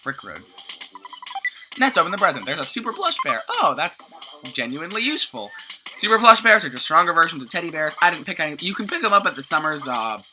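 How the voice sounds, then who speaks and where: A woman's voice: low voice, very animated, brisk, background noise. A young woman casually commentating a video game she plays, sleepy, chatty and self-mocking, often tripping over her words. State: tired, just woke up. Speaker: let's play commentator. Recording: game music playing under voice. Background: game music.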